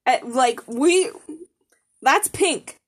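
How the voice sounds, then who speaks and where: A young woman in casual chat, speaking softly and earnestly with hesitant pauses. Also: sits high, animated, slightly rough.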